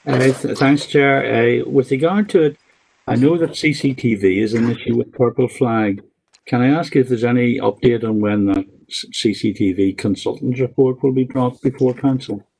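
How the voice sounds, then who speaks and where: Casual: councillor asking a question, gravelly husky voice, polite. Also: male voice, medium pitch, moderate pace, a little mellow, poor audio. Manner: courteous, questioning.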